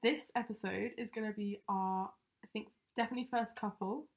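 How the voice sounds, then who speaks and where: A woman co-hosts a true-crime podcast, walking through the case in a loose, chatty style packed with fillers like "um" and "you know." Her voice sits at medium pitch with fairly even intonation, and she talks fairly quickly.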